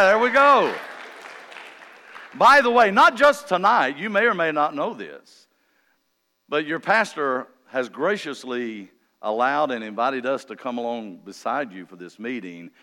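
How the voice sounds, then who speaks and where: A visiting male revival preacher gives a folksy, joking sermon, swinging from quiet asides to loud emphatic calls. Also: mid-range voice. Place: church sanctuary during an evening meeting. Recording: long reverb of a large church hall.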